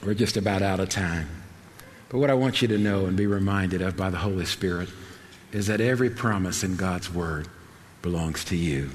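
A man preaching a sermon with passion, swinging between soaring, shouted lines and hushed, quiet ones. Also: deep voice, normal speed. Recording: long hall reverb, faint background noise.

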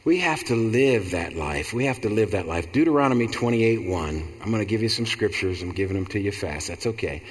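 A man's voice: fairly low pitch, animated, a little fast, few pauses, long reverb tail. A man preaching a sermon, emphatic and repetitive, with frequent stumbling restarts.

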